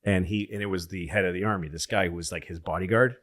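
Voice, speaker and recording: Low-voiced man telling history tales. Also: fast talker. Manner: rambling, animated history storytelling with quoted voices and profanity. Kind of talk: casual storytelling chat.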